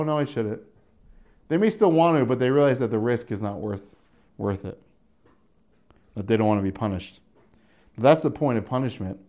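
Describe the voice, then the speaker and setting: A middle-aged man working through scripture verse by verse in a relaxed, conversational way. His voice sits at an ordinary pitch, and he often chuckles and acts out the people he quotes. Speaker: pastor teaching a Bible study. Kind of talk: casual verse-by-verse Bible teaching.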